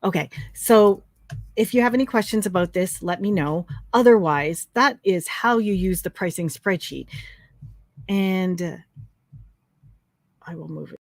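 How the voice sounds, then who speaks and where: A woman's voice: mid-range voice, unhurried, no echo. Woman, live-stream host, chatty, effusive, filler-heavy, dry close sound. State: tearful, emotional. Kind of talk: casual live-stream chat.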